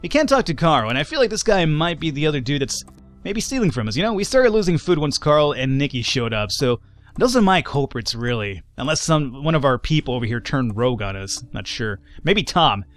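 A man's voice: fairly high pitch, sing-song, a little fast, faint music behind. A man narrating his playthrough of a video game in a rambling, chatty way, with lots of asides. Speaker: let's play host. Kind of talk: casual gameplay commentary.

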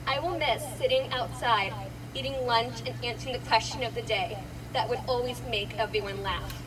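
A woman's voice: a little high, moderate pace, distant mic, background noise. A young woman in her late teens giving an earnest prepared graduation speech.

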